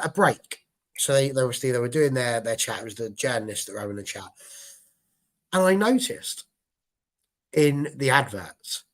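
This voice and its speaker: A man hosting a fan show, chatting excitably and rambling with restarts. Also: medium pitch. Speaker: host. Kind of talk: casual chat.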